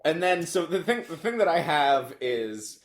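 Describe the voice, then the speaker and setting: A man co-hosting a podcast, recapping a movie in casual chat with an animated, rambling manner and a lot of filler words. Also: fairly high pitch, a little slow. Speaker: podcast co-host. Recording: roomy, echoey room.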